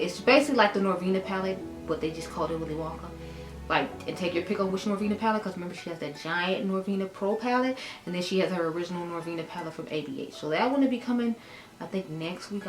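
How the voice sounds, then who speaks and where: Recorded in an echoey home room with music clearly audible, a beauty vlogger talks fast and casually through a makeup tutorial. Her voice sits a little low, and she rambles on, calling her viewers y'all.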